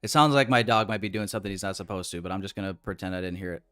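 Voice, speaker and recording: A man's voice: low voice, very fast, fairly bright tone, clear, resonant tone. A man giving casual live trading commentary in a laid-back, slangy way with lots of fillers. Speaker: day trader streamer.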